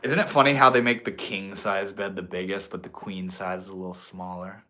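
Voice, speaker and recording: Loose, profane livestream host. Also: male voice, deep voice, steady tone, a little fast, bright, forceful tone. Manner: loose, profane, says bro and dude, preachy bursts. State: tipsy. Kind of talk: casual livestream chat reading comments. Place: indoors at home.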